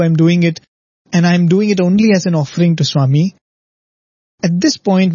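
A man's voice: a little high, warm tone, breathy edge, no room sound. A man giving an earnest, reflective devotional talk, often ending points with a questioning "right?". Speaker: devotional speaker. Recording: dull lo-fi dry recording.

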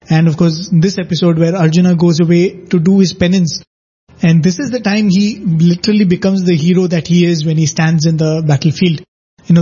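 A man with a high, mellow voice and a husky edge explains a story in an easy conversational way. He often drops in "you know" as he goes. The recording is dull and lo-fi. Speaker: co-host discussing scripture.

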